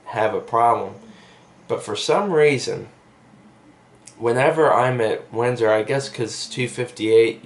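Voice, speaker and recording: A man's voice: on the low side, a little hiss or hum. A young man telling a story in a casual vlog, rambling with lots of fillers and asides, recorded on a camera mic. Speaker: vlogger.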